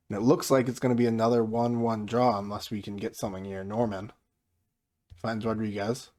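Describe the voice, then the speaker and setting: Man, lowish voice, casual gameplay commentary, flat monotone delivery. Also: a little fast. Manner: mostly flat and low-key, jumping up excitedly at goals; self-described monotone delivery. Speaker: gaming YouTuber.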